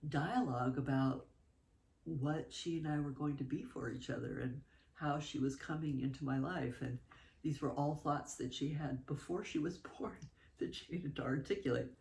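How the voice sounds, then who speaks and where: A mother telling animated stories about her children in a casual interview, laughing often. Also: low-pitched, moderate pace, slight background noise. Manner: animated, laughing, with fillers and asides. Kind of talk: casual spoken storytelling.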